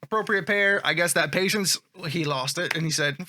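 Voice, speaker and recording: A man with a high, piercingly bright voice reads online comments aloud and reacts to them. His delivery is sarcastic and offhand, with plenty of swearing. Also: moderate pace, slight background noise. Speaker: commentary vlogger.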